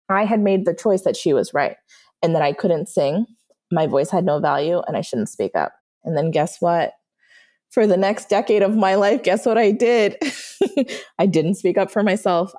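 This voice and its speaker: A woman's voice: lowish voice, moderate pace. A woman manifestation coach giving an interview, telling stories animatedly and checking in with "right?". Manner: animated storytelling, frequent "right?" check-ins. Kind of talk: podcast guest interview.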